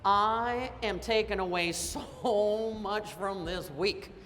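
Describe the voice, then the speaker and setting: A man's voice: sits high, slow pace, a bit bright. A woman voicing a big, friendly Southern man proudly telling a story, in an earnest, homespun way. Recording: echoey hall with faint noise.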